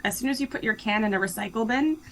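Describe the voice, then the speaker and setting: Talking fast in a slightly high, fairly bright voice, this young co-author of a children's book sounds chatty and upbeat during her interview, full of "um" and "like" fillers. The rough recording carries slight background noise.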